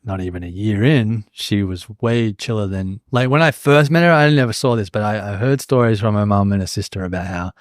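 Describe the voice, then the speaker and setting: A man's voice: on the low side, expressive, fairly quick, few pauses, no echo, clean studio sound. A man co-hosting a podcast in casual chat, telling stories in an earnest, rambling way. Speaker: podcast co-host.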